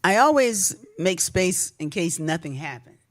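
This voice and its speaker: A woman's voice: fairly low pitch, very animated. A woman hosting a livestream who sings spiritual songs and then tells reflective stories in a casual way. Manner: slow, reflective, drawn-out phrasing. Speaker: singer and livestream host. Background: instrumental music.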